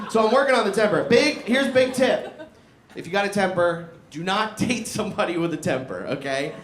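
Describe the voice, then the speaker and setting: A man's voice: high voice, animated, moderate pace. A man doing a live stand-up set in a barbershop, profane and self-mocking, often quizzing the crowd. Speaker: stand-up comedian. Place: live comedy show in a barbershop. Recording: echoey room with loud audience.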